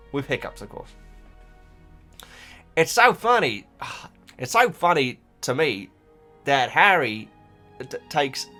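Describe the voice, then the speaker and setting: A man's voice: on the high side, a bit bright. A man chatting casually as a YouTuber, reading viewer comments with rambling, stammered restarts. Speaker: YouTuber reacting to book comments.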